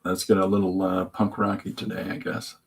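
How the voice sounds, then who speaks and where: A man's voice: low voice, completely flat delivery, a little fast, slightly rough, low-quality recording. A man hosting a live stream, chatting loosely and joking while he draws comics. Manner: joking, meandering, lots of restarts. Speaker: host drawing comics on a stream. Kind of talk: rambling live-stream chat while drawing.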